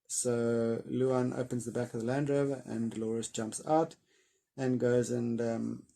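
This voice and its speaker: A man with a low, gravelly, mellow voice reads a storybook chapter aloud. Afterward he retells it in a loose, unscripted way, pausing often to find his words. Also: steady tone. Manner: hesitant summary with many filler pauses. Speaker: reader of a children's novel. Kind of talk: reading a book chapter aloud, then summarizing it informally.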